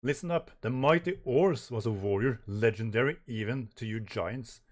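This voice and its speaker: A man's voice: mid-range voice, normal speed, darkish tone, close to an everyday voice. A man doing a boastful swaggering giant. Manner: boastful, declaiming.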